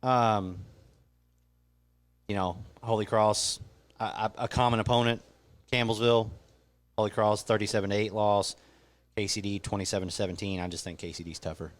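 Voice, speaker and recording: A man's voice: lowish voice, steady tone, moderate pace, long pauses. A man co-hosting a sports podcast, making confident picks with joking banter. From Kentucky. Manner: confident, joking, laughs often. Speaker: podcast co-host.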